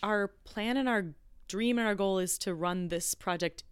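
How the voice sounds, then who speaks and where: A woman's voice: mid-range voice, normal speed, clean tone, dry recording, clean studio sound. A woman guest talking eagerly and casually about her arts project, with lots of fillers. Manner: enthusiastic, chatty, many fillers. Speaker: guest, arts organization leader. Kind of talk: casual podcast conversation. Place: Chicago.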